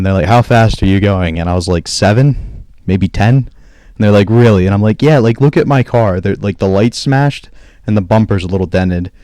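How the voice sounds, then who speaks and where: This man's voice sits on the low side with a darkish tone, recorded without room sound. Chatting casually on a podcast, he wanders through a lengthy story and performs each person's quoted lines.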